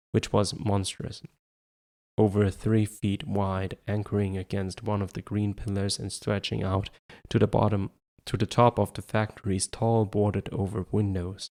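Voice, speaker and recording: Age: adult. Sex: man. Style: low-voiced amateur audiobook narrator. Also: a little mellow. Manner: stumbles and restarts words, self-corrects. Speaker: audiobook reader.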